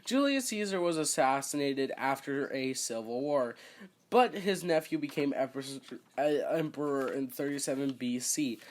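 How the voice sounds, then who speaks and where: A man's voice: mid-range voice, animated, normal speed. Man stumbling through a read-aloud report. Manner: stumbles over words, adds joking asides. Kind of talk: reading a school report aloud.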